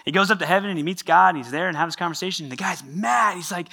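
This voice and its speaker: A male pastor giving a sermon, telling a story in an animated, conversational way. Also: sits high, very fast, vocal fry.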